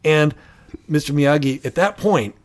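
A man's voice: on the high side, measured pace. A middle-aged man co-hosting a podcast in casual chat, telling stories animatedly and acting out quotes. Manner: animated storytelling, acts out movie quotes. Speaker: podcast co-host.

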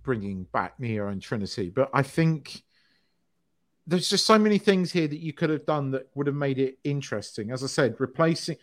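A man's voice: medium pitch, expressive, moderate pace. A man co-hosting a casual podcast chat about films, hesitant, with frequent restarts. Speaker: podcast co-host.

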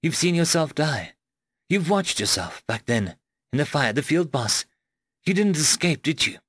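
A worried, caring young woman from an audiobook, as a man performs her. Her voice sits high and swings widely as she presses with anxious questions. The sound is dry and close. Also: very animated, measured pace, a bit bright, breathy edge, no room sound, exaggerated voice. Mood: searching.

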